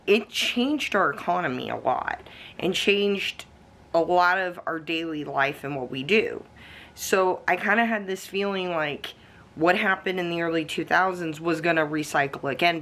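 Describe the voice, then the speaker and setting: A woman with a lowish but bright, forceful voice chats loosely to her camera in a casual vlog. She wanders through her thoughts with plenty of ums and restarts, nibbling snacks and swearing now and then. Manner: rambling and chatty, with many fillers and restarts; eats snacks and sips coffee while talking. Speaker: vlogger. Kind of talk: casual talking-head vlog.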